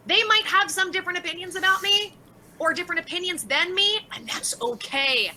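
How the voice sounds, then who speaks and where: A woman's voice: very high-pitched, brisk, bright, forceful tone, slight background noise, low-quality recording. A woman hosting a casual livestream, reading out viewer chats and answering them by name in a sarcastic, laughing way. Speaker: livestream host.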